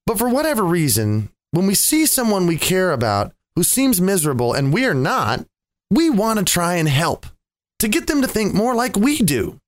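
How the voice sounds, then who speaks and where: Sarcastic podcast host musing out loud, really lively voice, dry mic. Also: mid-range voice, no echo. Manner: wry, sarcastic, animated storytelling. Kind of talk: reflective monologue.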